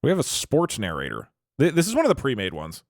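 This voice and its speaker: A man's voice: mid-range voice, wildly swooping pitch, fast, dry recording, clean studio sound. A man streaming live, chatting casually and thinking aloud with frequent restarts.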